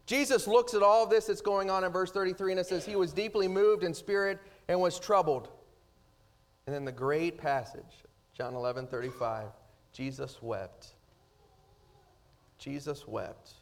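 A man's voice: sits high, normal speed. Man preaching with rising and falling intensity. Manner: dynamic preaching, rising loud then dropping soft. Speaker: pastor. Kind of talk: sermon.

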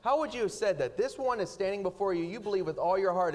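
A man preaching a sermon, swinging between loud, rising emphasis and hushed, slow passages. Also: high-pitched, animated. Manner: dynamic preaching, rising loud then dropping soft. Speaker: pastor.

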